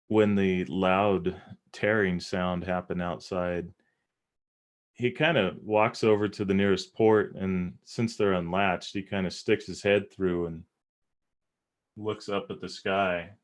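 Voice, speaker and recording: A man narrating his character's actions in a tabletop role-play. His voice is very deep, and he tells the action in a lively way. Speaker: player.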